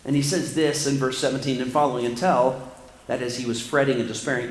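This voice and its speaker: A man's voice: medium pitch, fairly even intonation, fast talker. Impassioned male preacher, echoey room. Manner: impassioned, rising to near shouts on scripture readings. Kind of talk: sermon.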